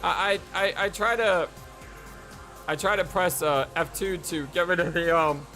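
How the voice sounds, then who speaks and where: A let's play host reading a visual novel aloud and reacting in an excitable, stammering way. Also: male voice, sits high, a little slow, faint music behind.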